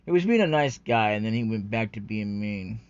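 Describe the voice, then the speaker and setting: A man's voice: fairly low pitch, lively intonation, a little fast, clear, resonant tone. A man ranting in a rambling, unscripted way about anime, profane and full of fillers, on a dull lo-fi recording. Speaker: anime commentary vlogger.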